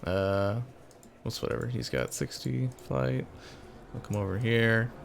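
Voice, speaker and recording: A man's voice: medium pitch, a little slow, vocal fry, a little hiss or hum. A man playing a tabletop role-playing game, talking in a casual, offhand way. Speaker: player.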